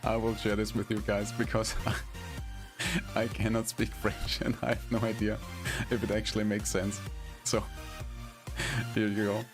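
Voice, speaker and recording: A male streamer talking casually with his AI co-host and his viewers, laughing often and pausing with fillers. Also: lowish voice, flat delivery. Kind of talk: casual live-stream chat. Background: music.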